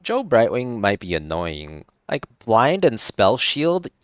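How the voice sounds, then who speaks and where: A man's voice: medium pitch, huge pitch swings, slow, no room sound. A man streaming a game live, talking through his play and ranting in exasperation about his teammates. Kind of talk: live gameplay commentary.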